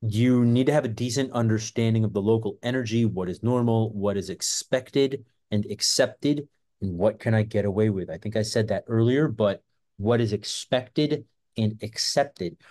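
A man's voice: fairly low pitch, normal speed, dark tone. A man hosting a self-defense channel, talking in a rambling, casual monologue full of fillers and swearing. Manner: rambling, profane, filler-heavy.

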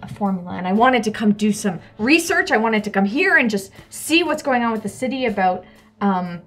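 A woman role-playing her character at a tabletop game in an earnest, gentle, tentative way. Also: medium pitch, lively intonation, brisk. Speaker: player.

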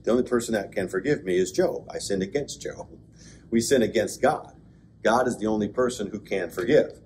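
A man, a pastor, giving a conversational Bible class lecture, with joking asides and bursts of excited emphasis. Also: fairly low pitch, a little fast, a little hiss or hum. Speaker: pastor teaching an adult class. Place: church classroom.

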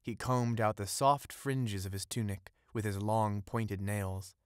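A man narrating an audiobook of a classic fairy tale, in a steady, ornate storytelling read on a close mic. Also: on the low side, a little slow, clean tone, no echo.

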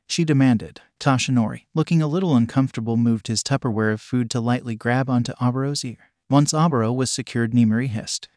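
A man reading a story as scripted narration in an even, unvaried delivery. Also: medium pitch, a little fast, hardly any pauses, dry recording, clean studio sound. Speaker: story reader. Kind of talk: scripted narration of fan fiction.

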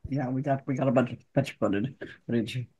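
Calm man playing a tabletop game. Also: medium pitch, fast, slight background noise, low-quality recording. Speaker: player. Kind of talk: casual tabletop role-play.

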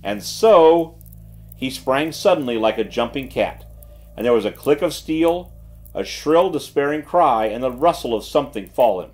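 A man narrating a classic mystery audiobook in an expressive reading style. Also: medium pitch, moderate pace. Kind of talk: scripted narration.

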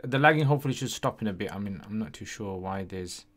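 Answering questions on a relaxed livestream Q&A, this chatty host keeps ending sentences with "yeah?". He speaks fast and animatedly, in a voice on the low side with a fairly bright tone.

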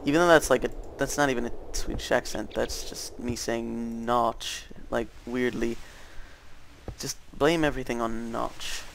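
Rambling teenage boy with a gravelly voice. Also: medium pitch, steady tone, measured pace, a little hiss or hum. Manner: rambling, self-correcting, many fillers. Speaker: gaming channel host. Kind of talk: casual gameplay commentary.

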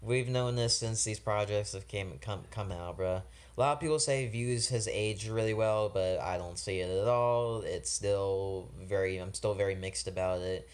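A man's voice: on the low side, normal speed, smooth. A young man reviewing an album in a rambling, casual vlog, full of slang and swearing and openly frustrated. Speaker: music reviewer.

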